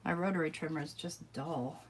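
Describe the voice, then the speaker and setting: A woman, her lowish voice a bit hoarse as she loses it, mutters her way through a crafting project. Her talk is chatty and self-deprecating. The home recording carries clear background noise and clicking sounds. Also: normal speed. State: losing her voice. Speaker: crafting vlogger. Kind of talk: casual crafting commentary, talking to herself.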